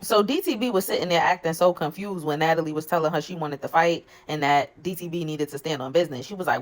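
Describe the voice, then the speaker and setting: Woman, low voice, blunt gossipy recap, casual. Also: quick pace, few pauses. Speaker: reality show commentator.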